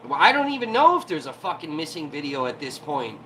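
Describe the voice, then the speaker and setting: A man's voice: on the high side, sing-song, fairly quick, bright, forceful tone, slight background noise, rough recording. A man hosting a livestream from home, ranting heatedly and profanely in an irritated tone. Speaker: livestream host.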